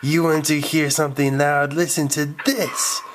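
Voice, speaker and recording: A man voicing a hulking deaf brute who gloats in slow, broken speech. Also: fairly high pitch, flat delivery, a little hiss or hum, natural voice. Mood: gloating.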